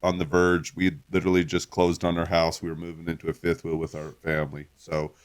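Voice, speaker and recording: A man co-hosting a casual podcast, bantering and joking in a relaxed way. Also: low-pitched, fast talker. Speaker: podcast co-host.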